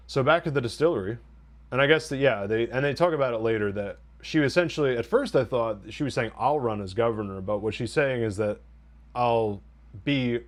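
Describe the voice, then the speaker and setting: A man hosting a TV review podcast, recapping an episode in a rambling, wry way and quoting scenes in mock voices. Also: medium pitch. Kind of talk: casual spoiler recap and review.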